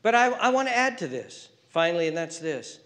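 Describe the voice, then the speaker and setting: Male preacher, high-pitched, very animated delivery, drops to whispers for emphasis. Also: fairly quick. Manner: swings from loud emphatic calls to hushed whispers. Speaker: pastor. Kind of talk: sermon.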